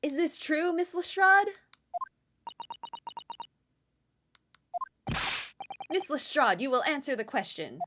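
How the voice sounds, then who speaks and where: A woman's voice: high voice, very animated, moderate pace, background noise, voice pushed up. A woman voicing a stern elderly male judge, speaking formally and with command.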